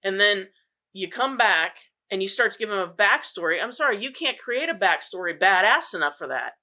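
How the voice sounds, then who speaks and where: A woman's voice: mid-range voice, expressive, normal speed, sharp tone. A woman co-hosting a movie podcast, giving emphatic, opinionated criticism in casual chat. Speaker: podcast co-host.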